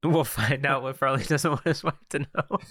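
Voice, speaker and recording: A woman's voice: very deep voice, moderate pace, fairly bright tone. A woman co-hosting a movie podcast in casual chat, dropping wry quips. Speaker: podcast co-host.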